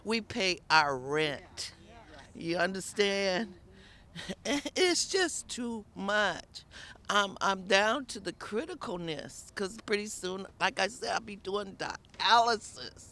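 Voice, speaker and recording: Distressed tenant woman speaking slowly, bright tense voice, breaking into shouts. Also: mid-range voice, a little hiss or hum. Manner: emotional, exasperated, bursts of shouting. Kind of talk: emotional personal testimony.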